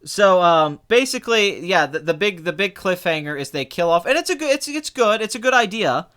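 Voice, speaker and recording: This is a young man in relaxed chat, co-hosting a film review show. His voice is bright and smooth, a touch higher than most men's. He talks loosely, with fillers and restarts, and keeps slipping into lively impressions of other people. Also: fairly quick. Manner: animated, mimics people in high excited bursts. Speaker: podcast co-host reviewing films. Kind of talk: casual chat.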